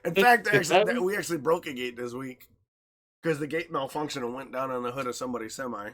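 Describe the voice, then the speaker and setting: A man co-hosts a casual podcast chat, talking quickly in a medium-pitched voice. He swears freely, laughs often and acts out his stories with animated energy.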